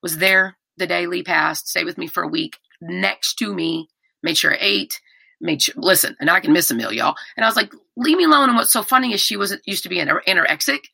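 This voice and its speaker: A woman's voice: on the low side, a little fast, vocal fry, husky, no room sound. A middle-aged woman, a podcast guest talking candidly and animatedly about hard personal things. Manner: candid, animated, many restarts. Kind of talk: emotional personal conversation.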